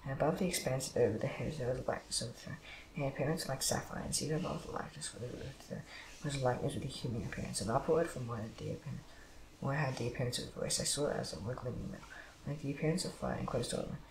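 A man's voice: medium pitch, fast talker. Man reading scripture in an echoey room. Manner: steady reading with slips and restarts. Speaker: Bible reader. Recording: echoey room with background noise.

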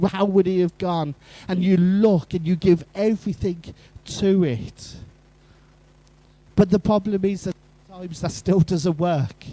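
A man's voice: on the high side, rough recording. A man preaching a sermon in church, telling family stories and asking the congregation along. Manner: lively storytelling with asides to the congregation. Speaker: pastor.

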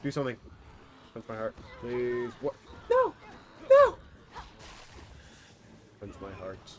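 A man's voice: mid-range voice, huge pitch swings, takes it slowly, long pauses, a little hiss or hum. A young man streaming a co-op game live, reacting in exasperation to his partner and reading his chat. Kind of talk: live gameplay commentary.

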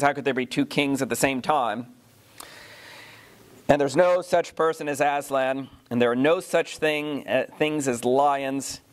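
A man's voice: medium pitch, natural voice. A man reading a storybook aloud, voicing a stern, tyrannical middle-aged king who scolds his young nephew with cold commands.

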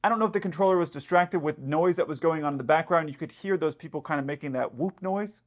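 Chatty pilot explaining an incident. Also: male voice, fairly high pitch, fast. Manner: chatty, explanatory, speculating aloud. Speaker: airline pilot commentator. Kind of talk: casual commentary.

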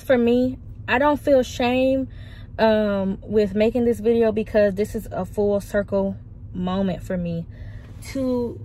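A woman's voice: medium pitch, mellow, slight background noise. A woman in her twenties vlogging frankly from her parked car, speaking openly and getting emotional. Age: 20s. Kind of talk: candid personal vlog.

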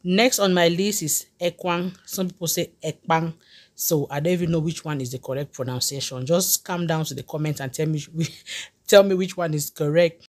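A woman's voice: low voice, a little fast, darkish tone. A young woman with a Cameroonian accent, presenting a list of dishes in a chatty, enthusiastic way. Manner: enthusiastic, chatty, laughs easily. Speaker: food vlogger.

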